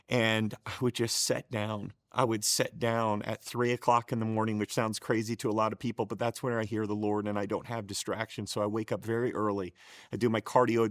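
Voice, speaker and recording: A middle-aged show co-host with a fairly low voice shares his personal faith testimony earnestly and emotionally, often choking up and restarting sentences. The sound is clean studio audio with no room sound.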